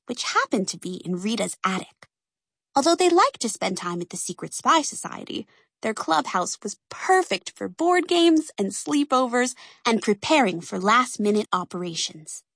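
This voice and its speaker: Reading a children's story at a moderate pace, a woman narrator uses a lively, swooping delivery in a slightly high, somewhat husky voice. The audio is close and dry, with no echo or room sound.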